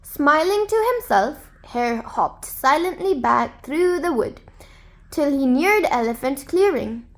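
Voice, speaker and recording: A woman narrating a folktale to children in a gentle, expressive storybook manner. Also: high-pitched, slow.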